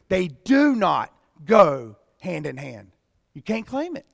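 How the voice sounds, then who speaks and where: A man pastor preaching a sermon with emphatic delivery that rises to loud exclamations. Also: high voice, wildly swooping pitch, slow pace, vocal fry, dry recording, studio quality, in a large hall.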